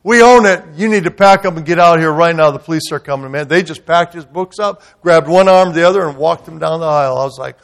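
A man serving as guest pastor delivers a church sermon, telling a story dramatically as he swings from loud outrage to hushed tenderness. His voice is fairly high, and he talks fast with hardly any pauses.

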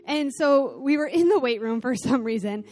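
A middle-aged woman preaching a sermon in church, telling a self-deprecating personal story with animated delivery. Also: on the high side, normal speed. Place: church sanctuary.

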